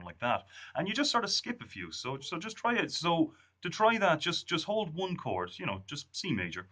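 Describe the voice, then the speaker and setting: A man giving a casual music lesson, counting beats and humming strum rhythms in a relaxed way. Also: medium pitch, a little fast, few pauses. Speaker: music tutor. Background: ukulele strumming.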